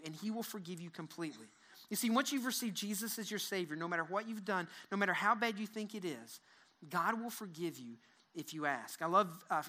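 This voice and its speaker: A pastor preaches at a church service with a bright, forceful tone. The delivery is earnest and direct, with repeated words and restarts. Mid-sermon, the pastor leads the listeners through a prayer. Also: mid-range voice. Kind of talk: sermon to a live congregation.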